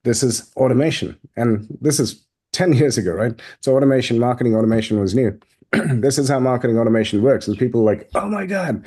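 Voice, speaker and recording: A man leads a business Q&A over a video call, casual and lively as he acts out the people in his stories. His tone is warm and mellow. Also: mid-range voice, fast talker, husky. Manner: animated storyteller, acts out quoted people. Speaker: host and business coach.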